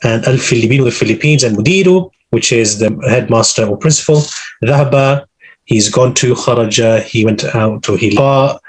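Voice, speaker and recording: Husky male Arabic teacher on a video call. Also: mid-range voice, moderate pace. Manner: explains patiently, lists vocabulary with translations. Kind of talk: online class teaching.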